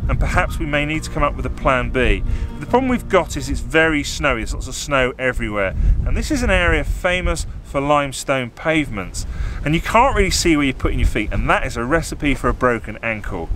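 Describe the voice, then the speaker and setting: A man's voice: mid-range voice, animated, brisk, a bit bright. A man, a landscape photographer talking to camera outdoors on snowy, windy hills through a small camera mic. He is chatty and self-deprecating, with light jokes. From southern England. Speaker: landscape photographer and workshop host. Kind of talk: outdoor vlog commentary to camera. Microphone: small on-camera microphone. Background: wind.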